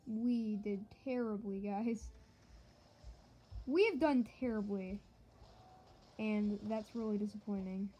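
A woman giving joking let's-play commentary to her viewers, excitable and yelping at the game. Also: mid-range voice, slow, pauses often, rough recording. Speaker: gaming channel host.

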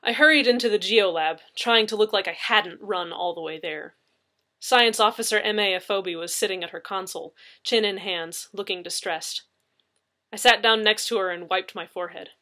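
A woman's voice: medium pitch, moderate pace, bright, forceful tone. A woman reading her novel draft aloud in first person, with wry, casual delivery of her own character's lines.

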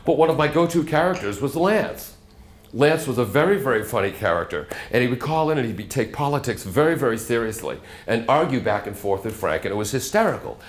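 A man's voice: mid-range voice, animated, brisk. A middle-aged man, a radio host guest-lecturing a college class in a chatty, storytelling way. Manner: chatty storyteller, slips into character voices.

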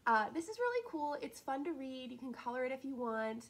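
An upbeat woman teacher walks through class assignments, chatty and prone to little laughs and asides. Her voice sits a touch high. There is a faint hiss of noise under the recording. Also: big pitch swings, brisk, rough recording. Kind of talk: casual recorded lesson walkthrough.

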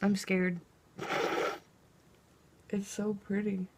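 A woman's voice: mid-range voice, level tone, drawn-out words, darkish tone. Sarcastic swearing young woman vlogger. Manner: sarcastic, exasperated, swears a lot. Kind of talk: casual storytelling vlog.

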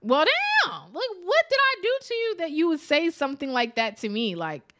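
A woman's voice: high-pitched, huge pitch swings, moderate pace, fairly bright tone. A woman giving a casual, exasperated reality TV review, chatty and emphatic, repeating words for effect and saying "like" often. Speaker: TV show reviewer.

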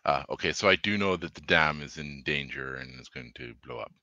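A man playing a tabletop game, rambling and hesitant as he describes his character. His voice is very deep and bright, with slow pacing. The dry sound comes through a dull, lo-fi mic. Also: no room sound. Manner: rambling, hesitant, self-deprecating. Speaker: player. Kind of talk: casual tabletop game play.

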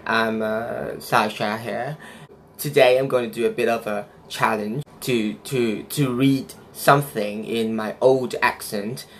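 A man's voice: mid-range voice, steady tone, takes it slowly, a little hiss or hum. A man playing a vain young woman who speaks Malaysian English with a put-on British accent, affected and self-important, in a comic character monologue. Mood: pretentious. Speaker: comedy sketch performer.

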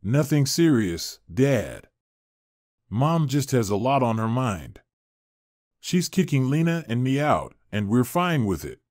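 A man's voice: mid-range voice, big pitch swings, takes it slowly, darkish tone, dry recording, studio quality. A man reading the lines of a firm, protective young husband who sounds exasperated.

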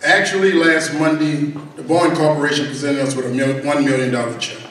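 A man's voice: on the high side, steady tone, fairly quick, a bit bright, a little hiss or hum. A middle-aged man giving a motivational keynote speech at a gala, talking with a folksy, emphatic, preacher-like cadence. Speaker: keynote speaker. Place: large event hall at a gala. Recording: echoey hall recorded from far off.

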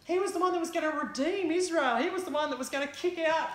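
A woman's voice: high-pitched, fast, roomy sound, voice pushed up, lightly acted. A woman doing a bewildered grieving disciple. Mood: urgent, dismayed. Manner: urgent, pleading questions. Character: bewildered grieving male disciple, middle-aged.

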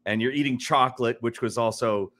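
A man's voice: mid-range voice, a little fast. A man guesting on a casual podcast, rambling with many restarts and laughing easily. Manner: rambling, restarts often, laughs easily, animated when worked up.

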